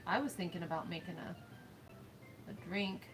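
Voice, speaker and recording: A woman's voice: fairly low pitch, unhurried, over music, poor audio. A woman co-hosting a live stream, chatting casually while gaming and reading chat aloud, laughing often. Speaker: streamer co-host.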